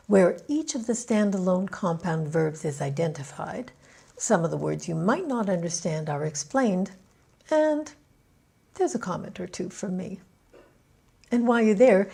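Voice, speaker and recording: A woman with a Canadian accent giving a scripted pronunciation lesson, patient and clearly enunciated. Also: lowish voice, dark tone. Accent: Canadian English. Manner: patient, clearly enunciated teaching with drilled examples. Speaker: pronunciation coach.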